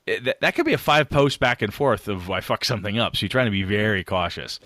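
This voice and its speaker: Low forceful guy on a gaming podcast, blunt and swears a bit, dry close sound. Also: fast talker, hardly any pauses, no echo. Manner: frank and animated, swears casually. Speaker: podcast co-host. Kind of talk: casual gaming chat.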